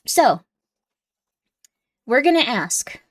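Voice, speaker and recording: A woman's voice: very animated, drawn-out words. A young woman chatting casually and rambling with her viewers during a live stream. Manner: chatty, rambling, coos at her cat in a high baby voice.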